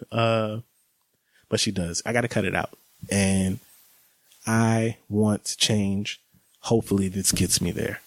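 A young man in his late twenties with a fairly low voice talks to camera in a loose, chatty vlog style, laughing here and there. The sound is close and dry, with no room echo. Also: fairly even intonation, normal speed, long pauses. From American South. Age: 20s. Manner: chatty, laughs while talking. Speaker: vlogger. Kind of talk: casual vlog monologue.

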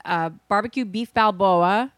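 A woman's voice: medium pitch, fairly bright tone, no echo, clean studio sound. A woman co-hosting a podcast, chatty and telling stories in casual conversation. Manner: chatty storytelling, quick to correct. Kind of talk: casual chat.

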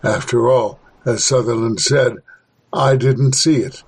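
A man's voice: mid-range voice, steady tone, husky. Man narrating a horror story. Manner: measured, dramatic reading. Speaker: podcast host and reader.

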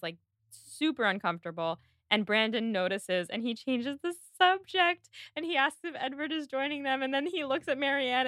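A woman's voice: a little high, sharp tone, dry recording, clean studio sound. A woman hosting a podcast, chatting casually as she retells film scenes with lots of "like". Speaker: podcast host. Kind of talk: casual chat recapping a film.

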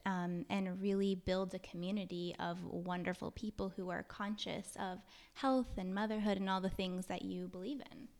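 A woman co-host leads the interview with measured, conversational questions. Her voice sits at an average middle pitch with a plain, everyday delivery. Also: gravelly. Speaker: podcast co-host.

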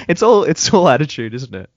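A man's voice: fairly high pitch, dry recording. A man co-hosting a podcast, recapping a show in casual chat with sarcastic, joking rants. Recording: dull lo-fi sound.

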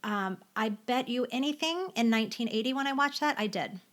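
Woman in her fifties, animated storyteller. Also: a little high, fairly quick. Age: 50s. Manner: animated storytelling, acting out quoted lines. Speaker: podcast co-host. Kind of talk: casual chat recapping a TV special.

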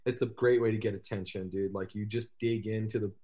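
A man's voice: on the low side, steady tone, a little fast, mellow. A man guesting on a casual podcast, telling loose stories with frequent laughs and little sound imitations.

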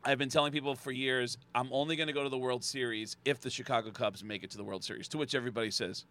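Man, comedic storyteller, bright and forward tone, lively quotes with shouted bursts. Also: mid-range voice, fast talker, smooth. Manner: animated, acts out quotes with loud shouting bursts. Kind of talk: casual podcast storytelling.

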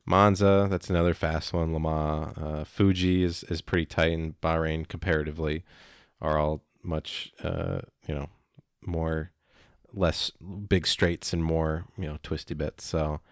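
A man chatting casually as a podcast co-host, rambling and halting with many fillers. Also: very deep voice, little pitch movement, clear, resonant tone, no room sound, studio quality. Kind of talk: casual chat.

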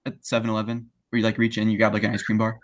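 A man's voice: lowish voice, completely flat delivery, rapid-fire. A young man in his late teens on a casual podcast, telling an anecdote with lots of "like" and fillers. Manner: filler-heavy anecdote telling, laughs along. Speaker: podcast co-host. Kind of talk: casual chat.

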